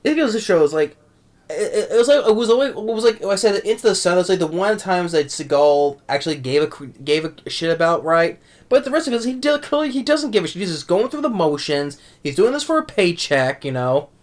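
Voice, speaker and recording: Exasperated young man ranting, fairly high voice. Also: animated, a little fast. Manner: exasperated, rambling, many restarts. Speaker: movie reviewer. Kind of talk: ranting movie review.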